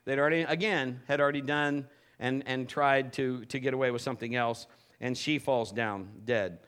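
A male pastor preaching a sermon with an animated delivery that swings from loud bursts to low, intimate tones. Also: moderate pace, clear, resonant tone.

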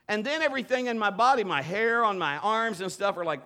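A man pastor preaching a lively live sermon, urging his congregation to join in. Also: sits high, quick pace, few pauses. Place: church sanctuary with a congregation.

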